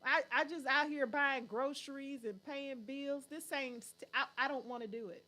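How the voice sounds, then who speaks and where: A woman's voice: high voice, moderate pace, few pauses, pushed and bright. A woman hosting a casual livestream chat, playful and teasing, laughing often as she reads viewer comments.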